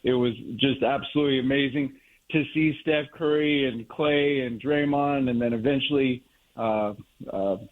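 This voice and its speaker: A man's voice: mid-range voice, fairly even intonation. Middle-aged male caller on a tinny phone line. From Monterey Bay area, California. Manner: heartfelt, slow and reflective. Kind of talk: call-in reminiscing.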